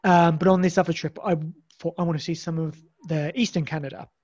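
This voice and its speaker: An English man with a fairly high voice talks loosely, circling back and restarting his sentences often. The sound is dull and lo-fi, like a modest home setup. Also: steady tone, quick pace, a little mellow. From England. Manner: rambling, many restarts and fillers. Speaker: guest. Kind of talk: casual podcast conversation.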